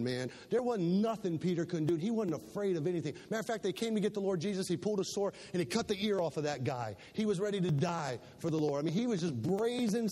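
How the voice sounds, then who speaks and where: A man preaching a sermon as pastor, emphatic, swinging between loud passages and soft ones and repeating words as he builds. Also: a little high. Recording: long hall reverb.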